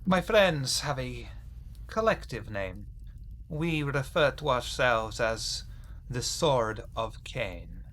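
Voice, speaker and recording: A European game master voicing a sinister male vampire flesh-shaper in a put-on Eastern European accent, speaking in slow, solemn pronouncements. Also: medium pitch, very animated, fairly bright tone, a little hiss or hum. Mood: cold disdain. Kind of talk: tabletop role-play voicing.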